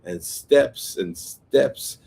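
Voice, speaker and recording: A male radio host giving an energetic motivational talk, often asking "right?" and having listeners repeat words after him. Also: medium pitch, very slow, gravelly, husky.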